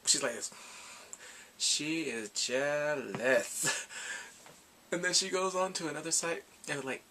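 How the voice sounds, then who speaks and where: A man's voice: fairly high pitch, fairly quick, bright, forceful tone, slight background noise. A grown man chatting casually as a YouTube reviewer, rambling and fanboyish about a show he loved. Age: adult.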